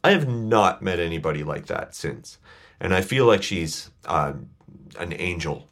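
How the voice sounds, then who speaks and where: A man's voice: sits low, expressive, unhurried, gravelly, fairly bright tone. A man telling a personal story as a podcast guest, earnest and a little choked up. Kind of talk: casual chat, personal storytelling.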